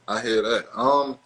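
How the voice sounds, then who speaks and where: A man's voice: medium pitch, fairly bright tone, slight background noise. A man from Maryland co-hosting a casual talk show, amused and often laughing along. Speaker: co-host.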